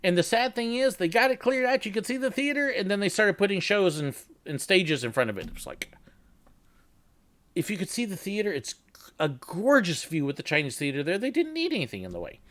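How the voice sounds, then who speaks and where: In a high, very animated voice with a brisk pace and some brightness, the host banters with his live audience. He laughs readily, cracks jokes, and tells stories about his job.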